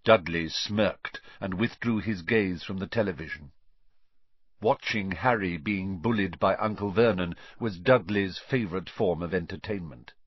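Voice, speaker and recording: Expressive male audiobook narrator, husky voice. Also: low voice, unhurried, dry recording. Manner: expressive storytelling. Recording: dull, dry recording.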